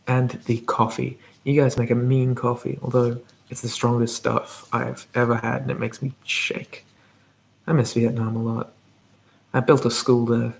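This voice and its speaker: A man hosting a live whispered ASMR Q&A, talking softly and rambling as he reads out viewer comments. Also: medium pitch, gravelly, slight background noise. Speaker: ASMR channel host.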